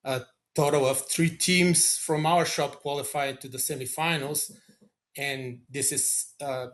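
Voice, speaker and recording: Slow, halting male guest. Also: a little high, steady tone, fairly bright tone. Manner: halting, many fillers. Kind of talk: interview answers.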